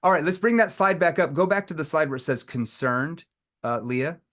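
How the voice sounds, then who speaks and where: A man's voice: fairly high pitch, normal speed. A man teaching a live sales training, talking casually and acting out playful lines he uses with prospects. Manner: animated, acts out playful quotes.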